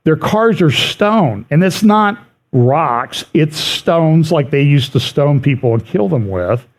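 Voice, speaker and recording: A man's voice: fairly high pitch, lively intonation, slow pace. A middle-aged man giving a conversational church prophecy update, reading quotations aloud and adding wry asides.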